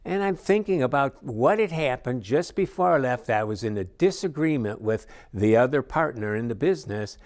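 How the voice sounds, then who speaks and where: A man's voice: mid-range voice, animated, moderate pace, hardly any pauses, a little mellow. A middle-aged man teaching a recovery class in a conversational, folksy way, with frequent asides and fillers. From Chicago area. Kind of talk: recorded class lecture.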